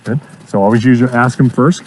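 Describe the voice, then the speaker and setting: A man coaching a student through horse training outdoors, giving steady encouragement and repeating his praise. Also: mid-range voice, brisk, slight background noise. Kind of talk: hands-on coaching.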